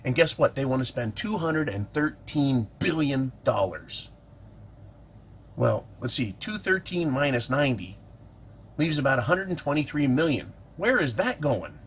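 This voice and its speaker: Middle-aged guy ranting into the camera, sarcastic and fired up, ordinary pitch. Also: unhurried, a little hiss or hum. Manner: indignant, sarcastic, animated. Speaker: political commentator. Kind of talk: ranting vlog monologue.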